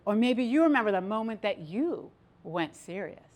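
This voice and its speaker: A middle-aged woman giving a motivational stage talk, playful and animated, drawing the audience into participation. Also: medium pitch, normal speed. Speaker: speaker. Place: stage before a live audience.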